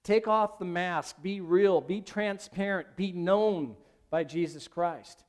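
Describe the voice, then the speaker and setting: Male pastor, high voice, conversational sermon, asks the congregation questions. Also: takes it slowly. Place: church service.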